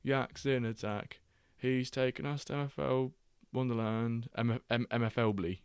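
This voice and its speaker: A man's voice: medium pitch, steady tone, normal speed, vocal fry, hardly any pauses, a little mellow, clean tone, no echo, clean studio sound. A man hosting a casual football watchalong livestream, chatting loosely, reading out viewer messages and making jokey asides. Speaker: livestream host.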